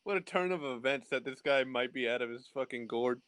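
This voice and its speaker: A man's voice: medium pitch, a little fast, crowd noise. A man co-hosting a podcast in casual chat, laughing a lot and swearing freely. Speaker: podcast co-host.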